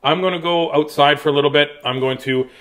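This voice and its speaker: A man's voice: a little high, steady tone, quick pace, slight background noise. A man reading his own picture book aloud to children in a sing-song, playful way, then chatting casually about it. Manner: sing-song, playful, drops to soft hush at endings. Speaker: children's book reader and author.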